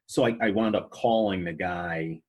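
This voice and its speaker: Husky low-voiced man telling stories. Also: moderate pace, darkish tone. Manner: stammers and restarts, quotes customers. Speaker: podcast guest, movie theater manager. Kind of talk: casual storytelling chat. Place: podcast recording.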